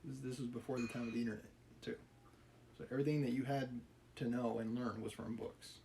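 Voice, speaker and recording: A man's voice: medium pitch, steady tone, brisk, vocal fry, dark tone, a little hiss or hum, rough recording. Laid-back man reading a novel aloud. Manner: laid-back, muses aloud between passages. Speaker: reader on a livestream.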